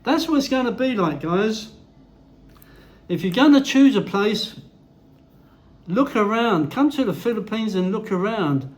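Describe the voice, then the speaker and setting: Male vlogger, high-pitched, blunt and profane, casual rant. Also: lively intonation, measured pace, pauses often. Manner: blunt, profane, frequent swearing. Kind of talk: casual ranting to camera. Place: house in a Philippine city.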